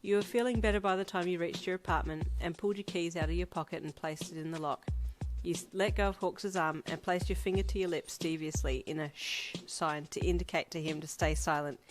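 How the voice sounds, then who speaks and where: A woman narrating a fan fiction audiobook in an even, steady storytelling voice. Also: lowish voice, brisk. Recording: music playing underneath. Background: background music.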